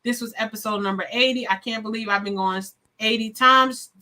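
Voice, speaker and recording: A woman hosting a live stream, speaking warmly and effusively straight to her viewers, a little sleepy. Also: on the high side, fairly even intonation, brisk. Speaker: live show host. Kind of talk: casual live-stream sign-off.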